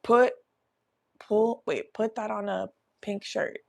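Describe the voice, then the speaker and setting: A young adult woman hosting a podcast, telling a story in an animated, profane, laughing way. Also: mid-range voice, takes it slowly, vocal fry. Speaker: podcast host. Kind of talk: casual storytelling.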